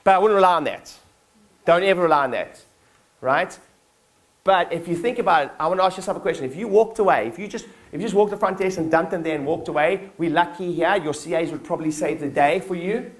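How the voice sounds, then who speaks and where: A man giving a live keynote talk to his staff at a company conference, energetic and blunt, swearing casually and acting out little scenes. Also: on the high side, fast talker. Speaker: business owner addressing his staff.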